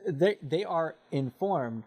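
A man's voice: a little high, lively intonation, slow pace, mellow, husky. A young man in a casual group conversation, talking loosely with many fillers.

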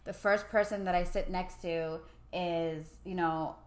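Woman podcast host, relaxed and reflective, slightly low voice. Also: unhurried. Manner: relaxed, filler-heavy, reflective. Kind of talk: casual podcast chat.

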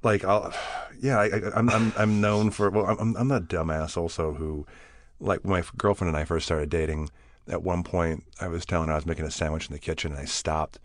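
A man guesting on a podcast, talking casually with halting restarts. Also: low voice, level tone, no room sound, studio quality. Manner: halting, repeats words when starting. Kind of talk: casual chat.

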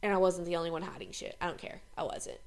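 A young woman chatting candidly on a podcast, blunt and quick to swear. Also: lowish voice, creaky, a little mellow. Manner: blunt, heavy swearing, speeds up when worked up. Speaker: podcast co-host. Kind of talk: candid casual chat.

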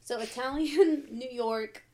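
A woman's voice: fairly high pitch, slow pace, warm tone. A young woman guest on a podcast, chatting casually and telling stories with animation. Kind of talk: casual chat.

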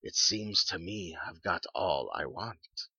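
A man's voice: deep voice, lively intonation, slow, vocal fry, pushed and bright, slightly rough, no echo, full character voice. A man reading a storybook, voicing an eager and curious older father. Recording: dull lo-fi sound.

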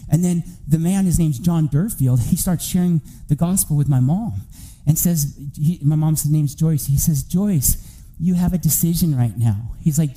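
A man preaching a church sermon, telling a family testimony as an animated story that climbs toward near-shouting. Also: on the high side, low-quality recording.

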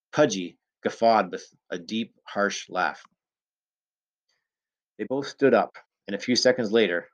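A man reading a first-person story aloud in a steady, measured storytelling manner. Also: fairly low pitch. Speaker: audiobook narrator. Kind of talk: first-person scripted narration.

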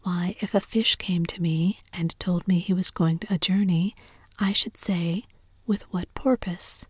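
A woman voicing a melancholy, pedantic male sea creature in a slow, thoughtful whispered role-play. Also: lowish voice, fairly even intonation, husky, no echo, clean studio sound.

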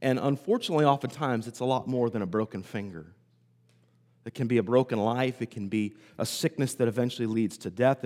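A man preaching a sermon, telling a story in a conversational way and pausing often. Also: mid-range voice, darkish tone. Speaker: pastor. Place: church sanctuary. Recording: hall reverb.

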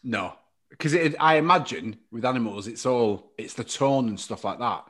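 A man's voice: lively intonation, moderate pace, a bit bright. A man from England with a regional accent, co-hosting a casual podcast chat and joking around. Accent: English regional. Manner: jokey, slips into silly high put-on voices. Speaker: podcast co-host.

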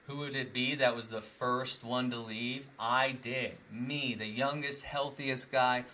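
Bright-voiced young man, rambling casual chat. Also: medium pitch, steady tone, a little slow. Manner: rambling, many "like" fillers, laughs often.

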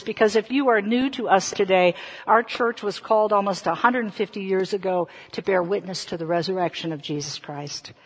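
Woman pastor preaching easter, earnest and rhythmic, big echoey church reverb. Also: mid-range voice. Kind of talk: Easter sermon and prayer. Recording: long hall reverb.

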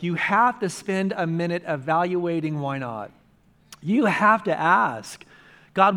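A man's voice: high voice, fairly bright tone. A male pastor preaching a sermon in a conversational way, driving points home with emphatic repetition.

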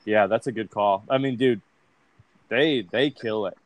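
A man's voice: lowish voice, a little slow, slight background noise. A man hosting a casual chat, steering the talk and swearing freely. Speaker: podcast host.

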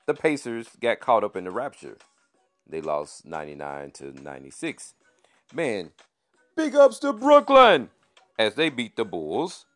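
A man hosting a podcast, giving a casual news and sports recap in a laid-back way, peppering his talk with "man" and playful wordplay. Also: low-pitched. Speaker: podcast host.

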